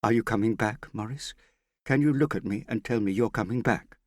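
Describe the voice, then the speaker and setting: Man putting on a young woman, anxious, pleading, raised pitch over a deep gravelly voice. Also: expressive, normal speed, no echo, clean studio sound. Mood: accusing. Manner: pleading, insistent, voice rising and breaking. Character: anxious young woman confronting a suspected swindler.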